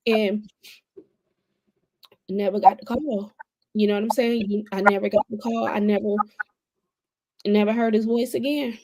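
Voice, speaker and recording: A woman's voice: medium pitch, normal speed, long pauses, a little mellow, no room sound. Dry-voiced woman, candid storyteller. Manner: conversational, repeats phrases for emphasis. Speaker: podcast guest.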